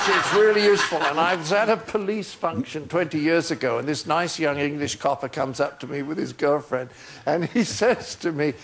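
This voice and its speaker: Talk show guest, man in his sixties, fairly high voice, lively anecdotal delivery. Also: normal speed, gravelly, slight background noise. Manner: anecdotal, animated storyteller. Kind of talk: chat show interview.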